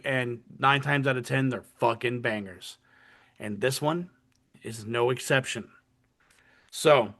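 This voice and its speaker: A man hosting a podcast, retelling a horror short film in casual, profane, animated chat. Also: medium pitch, vocal fry. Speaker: podcast host.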